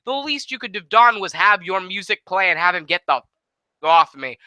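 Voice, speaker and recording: A man's voice: high-pitched, animated, normal speed, pushed and bright, smooth, no echo, pitched above the performer's own voice, full character voice. A man ranting as an aggrieved, profane wrestler. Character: aggrieved male wrestler ranting at his former best friend.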